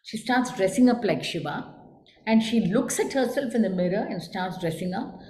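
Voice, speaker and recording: A woman's voice: mid-range voice, lively intonation, normal speed, a little mellow, slight background noise. Woman teaching dance, echoey room. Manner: explanatory, asks students questions. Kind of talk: lecture on dance interpretation. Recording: echoey room with faint ambience.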